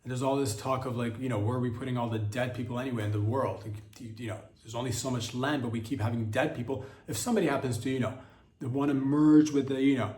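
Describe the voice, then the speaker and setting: Male podcast comic, rambling and crude, mid-pitched, roomy echo. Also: fairly even intonation, fast talker, a little mellow, a little hiss or hum. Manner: rambling, crude, many fillers and restarts. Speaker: podcast host. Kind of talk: rambling comedic monologue.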